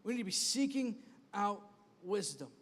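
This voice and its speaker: A man in his thirties preaching a sermon as pastor, conversational and animated, with a repeated refrain. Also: high voice, normal speed. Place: large church hall. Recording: long hall reverb.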